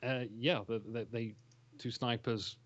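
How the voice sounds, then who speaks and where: A man's voice: medium pitch, little pitch movement, a little slow, dry recording. Man, casual interview guest, rambling, enthusiastic, dry muffled lo-fi sound. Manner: rambling, enthusiastic, laughs often. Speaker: interview guest, game shoutcaster.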